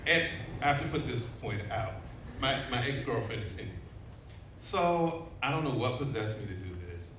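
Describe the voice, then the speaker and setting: A man from Chicago telling a personal story live on stage, animated and often laughing. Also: medium pitch. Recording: echoey venue, distant mic, audience. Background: audience.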